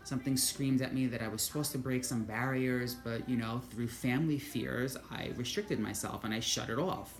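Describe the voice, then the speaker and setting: Low-voiced woman telling a story bluntly. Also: normal speed, few pauses, reverberant. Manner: blunt and profane, swings between hushed and excited. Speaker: vlogger. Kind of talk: casual spiritual storytelling monologue.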